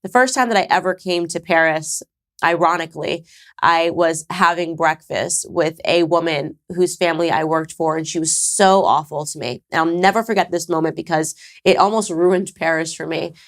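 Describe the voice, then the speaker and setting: A deep-voiced woman at normal speed delivers casual commentary to camera as host of her own podcast. In her thirties and from the United States, she talks emphatically and conversationally, adding sarcastic asides.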